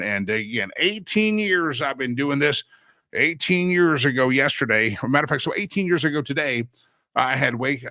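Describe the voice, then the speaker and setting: A man's voice: medium pitch, sharp tone, no echo. A man hosting a talk show, chatting casually in a folksy manner and breaking into a sing-song catchphrase. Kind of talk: casual monologue.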